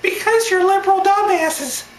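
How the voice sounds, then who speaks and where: A man voicing a belligerent, childish grown man with a squeaky Muppet-like voice, whining the same taunts over and over. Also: fairly even intonation, normal speed, roomy sound, slight background noise. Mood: taunting. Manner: shrill, whiny, repeats taunts.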